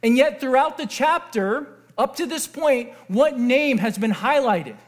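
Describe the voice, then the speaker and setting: A male pastor delivers a sermon in a lively way, stopping often to put questions to his listeners. His speaking voice sits very high for a man. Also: a little slow. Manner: animated, asks the audience questions.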